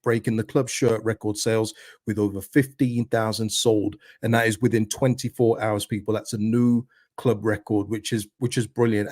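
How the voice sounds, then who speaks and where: A man's voice: medium pitch, a little mellow, dry recording, clean studio sound. A man hosting a casual football chat stream, talking straight to his viewers. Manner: chatty, talks straight to viewers. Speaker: football channel host.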